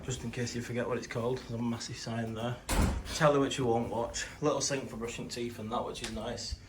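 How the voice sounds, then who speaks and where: Casual guy vlogger, sweary banter, mid-pitched voice, noisy street sound. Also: flat delivery, a little fast. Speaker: travel vlogger. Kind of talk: casual vlog chat. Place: city streets outdoors. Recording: noisy outdoor street audio.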